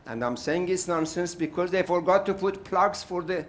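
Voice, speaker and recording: Speaking at normal speed in a voice that sits high, an older South African man delivers an emphatic summit panel speech. He is outspoken and repeats his points to strengthen them.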